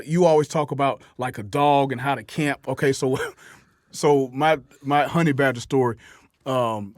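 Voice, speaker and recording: A man's voice: medium pitch, no echo, studio quality. A man hosting a casual podcast chat, telling football stories and acting out the voices of the people in them. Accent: New Orleans. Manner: storytelling, acts out quoted voices, repeats words. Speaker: host, football coach.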